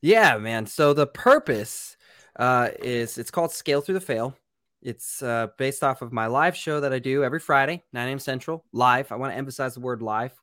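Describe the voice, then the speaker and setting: A man's voice: medium pitch, lively intonation, normal speed, fairly bright tone, no echo, studio quality. A man, a real estate coach and podcast guest, explaining his ideas boldly and emphatically. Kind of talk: podcast interview.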